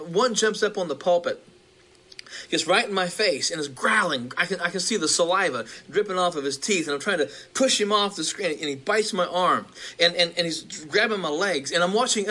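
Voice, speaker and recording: A male preacher recounting a vision, halting with restarts and building in intensity. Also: on the high side, pushed and bright.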